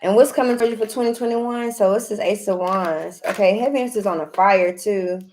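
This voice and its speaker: Woman, tarot reader, casual reading to camera, chatty, repeats stock phrases, excited bursts, middle pitch. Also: brisk, a little hiss or hum.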